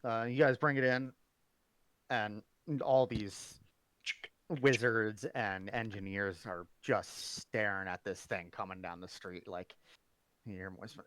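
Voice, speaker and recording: A man runs a tabletop game in a casual, rambling manner. His voice is mid-pitched, and the sound is dry and close to the mic. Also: fairly even intonation, unhurried, a bit bright, dry recording. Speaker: game master.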